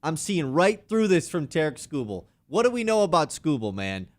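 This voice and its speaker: A man on a sports radio show, with a fairly high voice. He talks in animated, sarcastic banter and mocks people with put-on quotes. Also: moderate pace.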